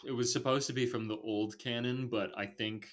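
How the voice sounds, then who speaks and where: A man's voice: mid-range voice, steady tone, normal speed. A young man hosting a casual movie podcast, laid-back with lots of fillers and frequent laughter. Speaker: podcast host.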